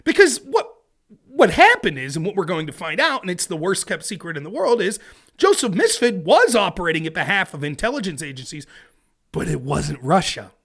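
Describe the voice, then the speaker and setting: A man's voice: high-pitched, a little fast. A man hosting his own live stream, giving a casual, profane political rant and often checking in with "right?". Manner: animated and profane, keeps asking "right?". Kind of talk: casual ranting commentary. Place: home streaming setup.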